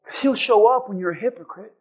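A man with a very high voice preaches to his church. He swings between shouting and dropping to a near hush. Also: fast talker, husky. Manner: swings between shouting acted disciples and soft hushed assurance. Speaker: pastor. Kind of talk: sermon.

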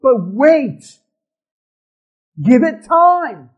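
A man's voice: extremely high pitch, very animated, extremely slow, lo-fi sound, exaggerated voice. A man voicing his friendly Jamaican neighbor, who gives earnest, insistent warnings.

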